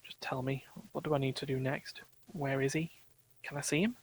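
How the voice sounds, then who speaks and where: A man's voice: medium pitch, steady tone, a little hiss or hum, lightly acted. A man voicing a stunned grieving widow. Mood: pleading. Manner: halting, stunned questions. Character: grieving middle-aged widow, shaken and tearful.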